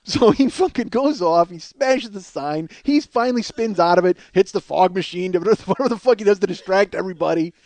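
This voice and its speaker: Briskly and with few pauses, a comedian host tells a comic story on his podcast, swearing freely and laughing throughout. His high voice is a little mellow with lively intonation, recorded without echo.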